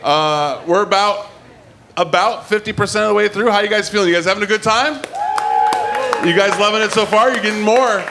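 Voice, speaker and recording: A man emceeing a comedy night from the club stage. His voice sits high for a man. He jokes loosely with the crowd as he warms them up for the next act. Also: a little fast, very noisy. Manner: loose, joking crowd banter. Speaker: comedy show host. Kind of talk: emcee announcing between acts. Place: comedy club stage before a live audience.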